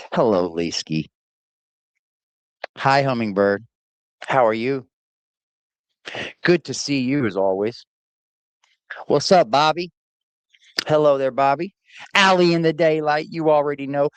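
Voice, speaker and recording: A woman hosts a casual livestream with a lively, bouncing pitch that rides up and down over a lowish voice. She greets her chat by name in a playful, chatty way, and the sound is dry and close. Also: measured pace, long pauses, dry recording. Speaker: livestream host.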